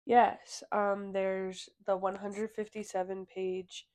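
A woman's voice: mid-range voice, little pitch movement, slow, darkish tone. A young woman from Missouri co-hosting a casual podcast chat, playful and laughing often. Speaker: podcast co-host.

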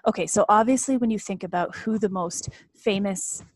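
A woman's voice: medium pitch, moderate pace, no echo. A woman in her thirties co-hosting a casual chat, talking in an earnest, emphatic and effusive way. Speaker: podcast co-host.

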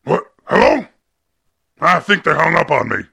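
A man voicing a rude, mean-spirited bully who taunts and insults in a comedy podcast sketch, with a raspy voice. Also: on the high side, sing-song, normal speed, pushed and bright, voice pushed down, exaggerated voice. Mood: pushy.

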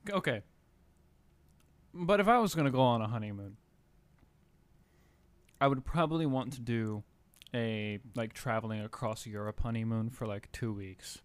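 A man's voice: medium pitch, normal speed, pauses often, smooth, dry recording. A young man in his twenties co-hosting a podcast, who chats casually with blunt, teasing remarks and swears freely. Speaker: podcast co-host.

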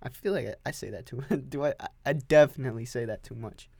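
A man's voice: mid-range voice, quick pace, gravelly, darkish tone, husky, dry recording. A young man hosting a solo podcast, rambling and swearing, repeating himself as he talks while standing with a coffee. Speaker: podcast host.

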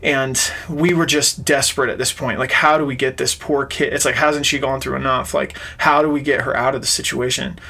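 A man's voice: mid-range voice, steady tone, a little fast, vocal fry, hardly any pauses, sharp tone, slight background noise. A man, an interview guest, earnestly recounting a personal story in conversation. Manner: earnest, retells events with quoted dialogue.

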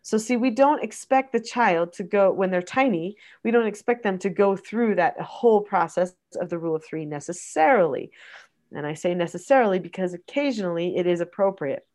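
A middle-aged woman coaching parents, speaking in an earnest, instructive way and acting out gentle prompts to a child. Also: medium pitch, lively intonation, a little fast. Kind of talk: teaching conversation.

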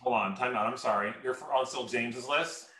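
A man's voice: mid-range voice, brisk, sharp tone. Joking man in an echoey room. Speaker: salesperson making calls. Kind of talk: casual banter.

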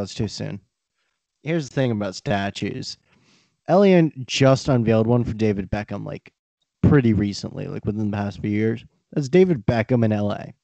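A man's voice: on the low side, measured pace, gravelly, mellow, no echo. A man co-hosting a casual podcast, wry and teasing, who swears casually. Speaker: podcast co-host. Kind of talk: casual chat.

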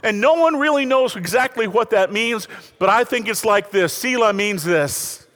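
A man preaching a sermon with a notably high, animated voice that swoops from hushed lows to emphatic highs. His words ring out in a large hall with a long reverb tail behind them. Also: moderate pace. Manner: preaching with lively rises and falls, addressing the congregation. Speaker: pastor.

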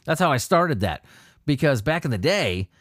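A man rants through news stories on his own show, swearing freely and tripping over his words as he gets worked up. His pitch swings widely from low grumbles to high outbursts. The sound is dry and close, with no room around it. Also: moderate pace, no room sound. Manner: profane, animated ranting with frequent restarts. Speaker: podcast host reading news. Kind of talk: solo commentary on news articles.

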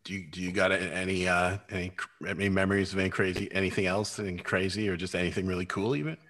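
A man with a very deep voice hosts a loose conversation. He asks his questions haltingly, restarting often, and shares his own memories in an easy tone. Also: steady tone, fairly bright tone. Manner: halting, searching for words. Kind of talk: casual interview chat.

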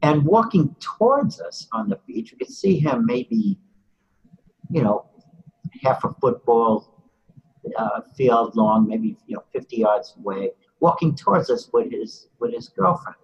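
A man's voice: medium pitch, very animated, unhurried, creaky, husky, dull audio. An older man being interviewed who tells a story in a rambling, casual way, full of "you know" asides.

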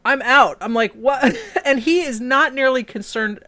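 A woman with a bright, clear voice chats through a movie's plot with friends. She tells it casually and slips into voices to quote the characters. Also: high voice, a little slow. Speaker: podcast co-host. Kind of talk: casual movie recap chat.

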